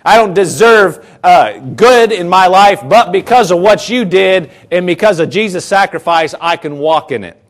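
A man's voice: high-pitched, lively intonation, moderate pace, few pauses. A man preaching a sermon in an earnest, conversational way, acting out quoted thoughts.

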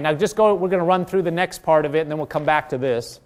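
A man's voice: fairly high pitch, quick pace, few pauses. A man preaching a sermon, earnest and exhorting, often repeating phrases and restarting his sentences.

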